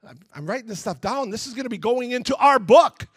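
A meek, apologetic scribe who speaks softly and hesitates over his words, as a man puts him on. His voice is lively in pitch, and the recording is dry and close. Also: fairly quick, breathy edge, no room sound, exaggerated voice. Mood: sheepish. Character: gentle male gospel writer, apologetic.

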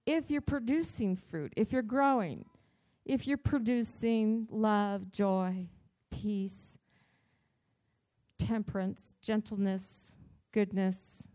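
A woman giving a devotional church talk, telling a personal story in an animated, dramatic way, with her voice jumping up in pitch and loudness. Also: takes it slowly. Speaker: church speaker.

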